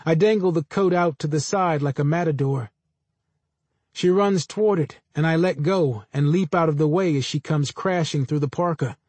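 A man narrates first-person literary fiction in a measured, understated voice. His pitch sits a little above average for a man, and the recording is close and dry, with no room echo. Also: a little mellow. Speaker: audiobook narrator.

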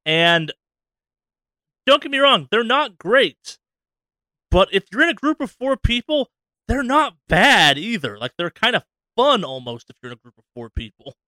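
A man co-hosting a podcast, rambling casually about a video game with many restarts and quick asides. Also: sits high, no echo. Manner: rambling, many restarts, animated voices for quotes. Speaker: podcast co-host.

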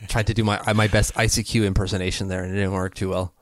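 A man's voice: sits low, level tone, fast, dry recording. Chatty Canadian man, dry close sound. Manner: chatty and analytical, laughs easily. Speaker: podcast co-host. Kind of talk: casual sports podcast chat. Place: home basement.

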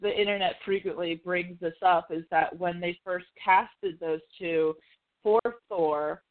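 A chatty podcast host rambles through pop-culture chat, heavy on fillers and casual swearing. The voice sits in a middle pitch. It comes through a narrow, phone-like line. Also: steady tone, measured pace.

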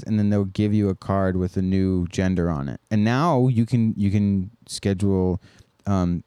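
A man's voice: on the low side, dark tone, clean tone, no echo. A man co-hosting a podcast, joking in casual, profane, sarcastic banter. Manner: sarcastic, slips into mocking put-on rants. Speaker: podcast co-host.

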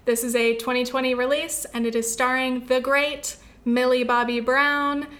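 Chatty young woman, bright voice. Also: sits high, level tone, moderate pace. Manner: chatty, rambling, many fillers and self-corrections. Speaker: film review podcaster. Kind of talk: casual film review chat.

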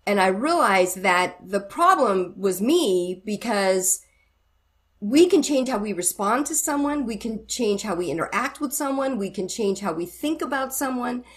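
A woman's voice: medium pitch, unhurried. A middle-aged woman, a guest who counsels wives, speaking frankly and earnestly in a candid interview. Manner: earnest and frank, retells conversations with animated quoting.

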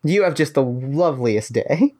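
A tabletop player voicing a sly, polite male rebel agent who speaks in a measured way. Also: medium pitch, lively intonation, dark tone, close to an everyday voice. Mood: falsely polite.

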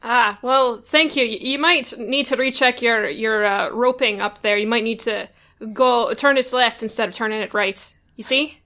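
A woman's voice: on the high side, normal speed, pushed and bright. A woman playing her character in a tabletop game, playful and wry. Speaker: player. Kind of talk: casual role-play.

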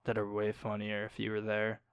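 A man's voice: lowish voice, monotone, fairly quick, clear, resonant tone, dry recording, studio quality. A young man, a guest on a podcast, telling school stories in a casual chat, quoting the people in them and laughing along.

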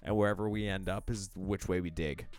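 A man's voice: sits low, steady tone, brisk, darkish tone, clean tone. A man hosting a casual podcast, chatty, swearing and laughing often. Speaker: podcast host. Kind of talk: casual banter.

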